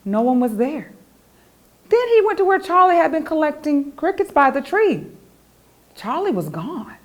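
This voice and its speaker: A woman, the author, reading her children's picture book aloud in an expressive, animated storytelling voice. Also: high-pitched, normal speed.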